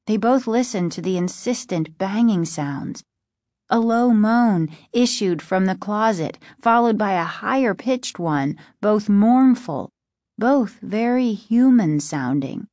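Slow, steady woman narrator. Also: on the low side, no echo, studio quality. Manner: measured, steady storytelling. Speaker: audiobook narrator. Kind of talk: scripted narration.

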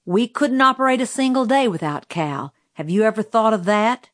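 A woman reading aloud voices a calm middle-aged father speaking firmly and sternly. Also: a little high, normal speed, close to an everyday voice. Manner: firm, stern.

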